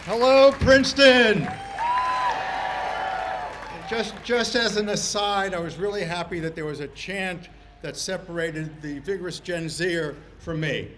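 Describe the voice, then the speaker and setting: A lawyer addresses an outdoor rally in a fairly high voice, opening with dry, wry asides. He then builds to shouted lines, with faint noise behind him. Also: moderate pace, a crowd in the background. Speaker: civil liberties lawyer speaking at a rally. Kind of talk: rally speech.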